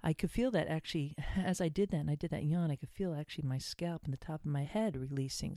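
Woman podcast host, middle-aged, casual wellness chat, warm low tone, dry room. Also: dry recording. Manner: chatty, guiding relaxation exercises.

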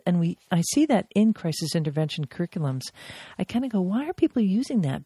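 A woman teaching crisis intervention in a podcast episode, speaking emphatically. Her voice sits a little low and sounds warm and relaxed. She is recorded close and dry, with no room sound. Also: dry recording. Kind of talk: instructional podcast talk.

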